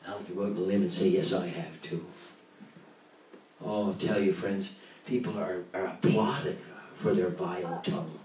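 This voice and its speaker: A man preaching a sermon as pastor, swinging from loud, raised exhortation to low, quiet emphasis. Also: steady tone, normal speed, slight background noise. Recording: roomy, distant mic with faint ambience.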